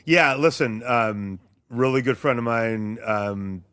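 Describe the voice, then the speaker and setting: A man who is a sports journalist, a guest on a talk show, speaking thoughtfully with frequent pauses and fillers. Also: medium pitch, a bit bright, smooth, no room sound, studio quality. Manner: thoughtful, many ums and restarts.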